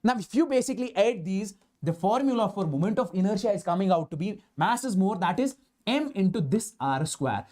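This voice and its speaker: A man's voice: sits high, lively intonation, fairly quick, a little mellow. A man with an Indian accent teaching physics in a live online lecture, talking emphatically, repeating himself and often checking that his students understand. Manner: mixes Hindi words into English.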